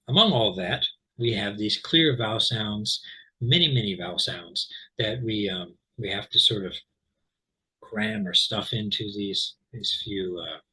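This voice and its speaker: Bright, husky-voiced male English teacher. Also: lowish voice, low-quality recording. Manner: rambling, many fillers and restarts; explains patiently, checks in with "okay?". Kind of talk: informal online lesson.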